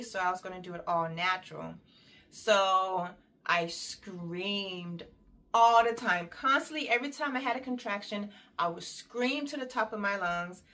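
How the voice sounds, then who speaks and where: A young woman tells a long personal story in a relaxed, chatty way, heavy on detail and small fillers. When she quotes people she leaps up in pitch and acts the lines out. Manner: animated, acts out quoted voices with big pitch jumps.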